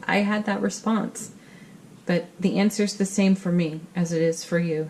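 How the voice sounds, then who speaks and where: A middle-aged woman giving a spiritual tarot reading in a gentle, soothing, reassuring manner. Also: on the low side, steady tone, moderate pace, a little hiss or hum, low-quality recording. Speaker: tarot reader.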